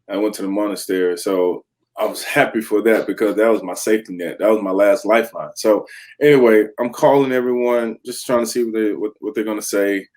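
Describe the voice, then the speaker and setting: A man in his thirties, an interview guest and former pro football player, telling his story candidly and acting out the voices in it. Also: on the low side. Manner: animated storyteller who acts out quoted voices and laughs.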